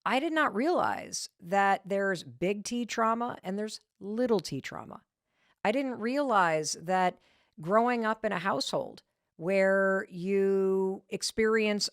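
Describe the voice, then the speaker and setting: A woman's voice: medium pitch, dry recording, studio quality. A middle-aged woman, hosting a podcast and giving motivational advice in an emphatic, conversational way. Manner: emphatic, conversational, punchy stress on key words. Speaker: podcast host answering listener questions.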